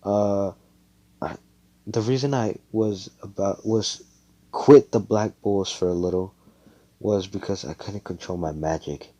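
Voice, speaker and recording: A shy young woman mage owning up to a failing, told by a man with a deep voice. She stumbles and pauses between words. Her tone stays low and mellow, barely changed from the teller's. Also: fairly even intonation, dry recording. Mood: hesitant. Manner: hesitant, halting.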